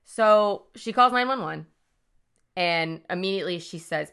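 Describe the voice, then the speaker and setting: A woman with a fairly low but bright, crisp voice narrating a story for a podcast. She talks loosely and casually, leaning heavily on "like" as she retells events. The delivery is conversational. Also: measured pace. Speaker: podcast host.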